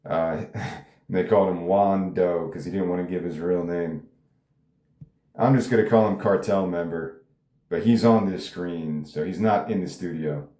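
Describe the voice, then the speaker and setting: A man's voice: low voice, measured pace, dark tone. A man reading a script aloud in a casual way, with laughing asides between lines. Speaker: script reader. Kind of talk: casual table read narration. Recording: roomy echo.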